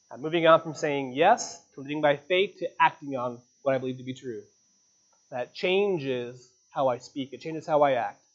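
Guy preaching in church, kinda high voice, earnest, gets loud on the big points, dull lo-fi sound. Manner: earnest preaching, pitch and volume rising on emphatic lines. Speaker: pastor. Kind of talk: sermon.

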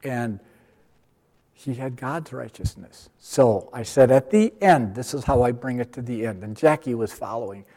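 An older man giving a sermon, telling a story and acting out the dialogue as he goes. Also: normal speed. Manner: storytelling, acts out dialogues with lively pitch jumps. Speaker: preacher. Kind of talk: sermon with acted-out stories. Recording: long reverb of a large hall.

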